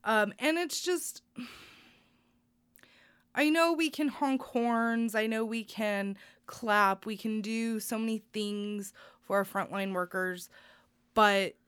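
A woman's voice: a little high, fairly even intonation, takes it slowly, fairly bright tone, clean tone, no echo. A young adult woman co-hosting a podcast, sharing good news in a heartfelt, rambling way with plenty of fillers. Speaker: podcast co-host. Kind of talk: casual news chat.

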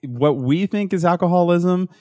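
A man's voice: sits high, normal speed, a little mellow, dry recording. A young man co-hosting a podcast in casual banter, laid-back, laughing often and swearing freely. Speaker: podcast co-host.

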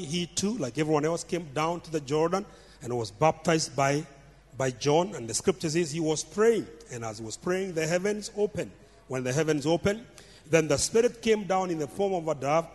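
Emphatic male preacher in a reverberant hall. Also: on the high side. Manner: emphatic, repeats phrases for stress. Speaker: pastor. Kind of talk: sermon.

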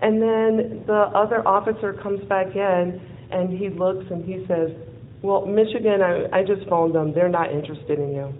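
A woman telling a personal story in a lively way, acting out what people said and laughing often. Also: mid-range voice, moderate pace. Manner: lively, acts out quoted dialogue, laughs often. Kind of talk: personal storytelling with a closing lesson. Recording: phone-like narrow sound with faint noise.

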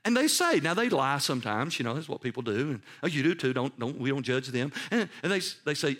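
A man preaching a sermon as pastor, moving between quiet, hushed passages and loud, emphatic ones, with conversational asides and repeated words. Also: mid-range voice, sing-song, fast, hardly any pauses.

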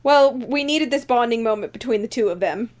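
A woman's voice: on the high side, lively intonation, a little fast. A young woman co-hosting a casual podcast, reacting with enthusiasm and jokes. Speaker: podcast co-host.

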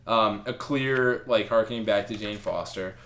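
Animated, swearing man recapping comics. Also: fairly low pitch, moderate pace. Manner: animated, profane storytelling. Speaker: podcast host. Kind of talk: casual comic-book chat.

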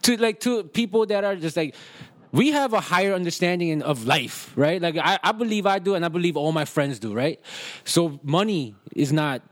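A man's voice: a little high, animated, moderate pace. A man guesting on a podcast, rambling in casual chat and tossing in "you know what I mean" again and again.

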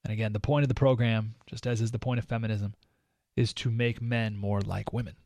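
A man's voice: fairly low pitch, little pitch movement, brisk, a little mellow, dry recording, studio quality. A man hosting a radio talk show, delivering an opinionated monologue in a sarcastic, mocking, emphatic manner. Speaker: radio host.

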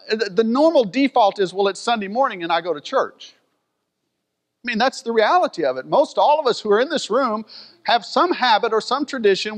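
A male pastor preaching a sermon in a church, in a folksy way with joking asides to the congregation. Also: high voice. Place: church auditorium. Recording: long hall reverb.

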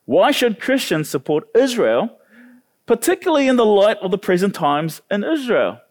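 A man hosting a church panel, telling a personal story in a lively way and acting out the other voices. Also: high-pitched, normal speed. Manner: animated, acts out quoted voices.

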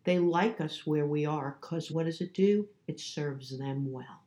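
A woman's voice: low-pitched, unhurried, warm tone. A woman guest who speaks at women's conferences, talking about faith with earnest, preacherly emphasis. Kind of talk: faith-based conversation.

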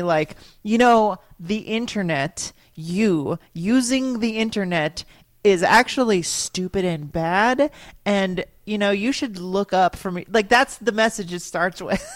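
A woman in a casual chat who talks in a wry, halting way and laughs often. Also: mid-range voice.

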